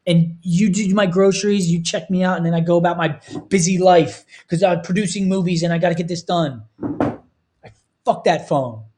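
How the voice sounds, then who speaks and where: A man's voice: high-pitched, normal speed, mellow. Earnest, heartfelt man on a podcast. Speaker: podcast host. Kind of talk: casual podcast chat.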